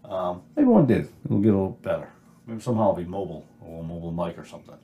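A man with a North Dakota accent hosts a solo podcast about Bible versions, arguing emphatically and rambling in a low, warm voice at a very fast pace. His amateur home mic picks up a little hiss or hum, and he drifts off-mic when he turns.

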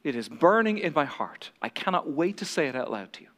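A man's voice: on the high side, big pitch swings, fairly quick, fairly bright tone. A male pastor preaching an impassioned, dramatic sermon to a congregation in a large church hall. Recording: long hall reverb.

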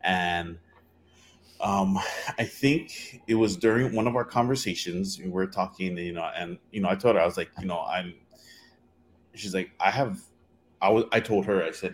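A man's voice: sits low, moderate pace, slight background noise. A man in casual chat, telling a dating story in a rambling way with many fillers and restarts.

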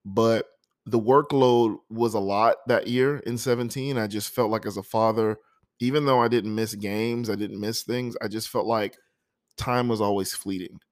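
A poet with a lowish, steady voice introduces his poem by telling a personal story softly, haltingly, and with emotion. The recording is dry and close with no room sound, and he pauses often to gather himself before reading.

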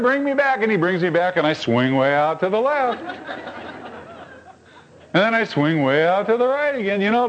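A male pastor preaches a sermon in a high, lively voice that rises on emphatic lines and sinks low for quiet asides. He tells it like a story, repeatedly throwing rhetorical questions at his listeners, and the audio is dull.

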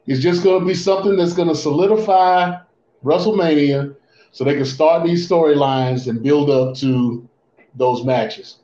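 A man's voice: fairly high pitch, moderate pace, mellow. A man co-hosting a casual wrestling chat, laid-back, often repeating and restarting his phrases. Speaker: podcast co-host. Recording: muffled roomy lo-fi audio.

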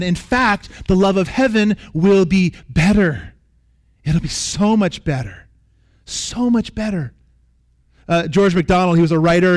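Earnest man preaching, higher voice. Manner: earnest, emphatic repetition, dropping to soft near-whispers. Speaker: pastor. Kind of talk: sermon.

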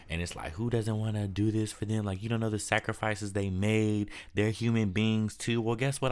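A young man with a very deep, low voice talks straight into his podcast mic, worn out and depressed. His words come blunt and frustrated, heavy with swearing and fatigue. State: exhausted and depressed. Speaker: podcast host. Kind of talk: candid monologue.

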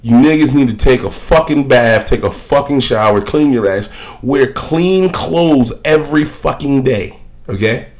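A man's voice: medium pitch, expressive, unhurried, darkish tone. A young man hosting a solo podcast, ranting bluntly and profanely in a rambling, offhand way. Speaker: podcast host. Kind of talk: casual solo podcast rant.

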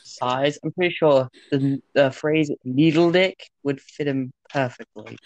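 A man's voice: mid-range voice, unhurried, a little mellow, no room sound, dull audio. A young man in casual chat, making blunt, dry remarks. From Britain.

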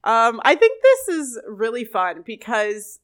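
A woman co-host giving a casual scene-by-scene recap, briskly retelling the plot and acting out the quoted lines. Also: on the high side, huge pitch swings. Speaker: podcast co-host.

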